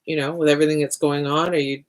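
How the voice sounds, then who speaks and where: A woman's voice: sits low, flat delivery, fast, a little hiss or hum. A woman hosting a livestreamed art party, chatting casually as she draws, often restarting her sentences and muttering to herself while she works.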